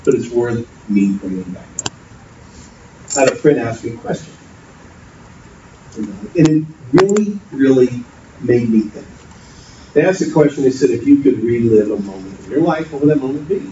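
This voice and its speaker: A man's voice: mid-range voice, expressive, normal speed, pauses often. A man preaching a sermon, earnest and storytelling, often repeating himself. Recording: distant, dull, noisy echoey hall.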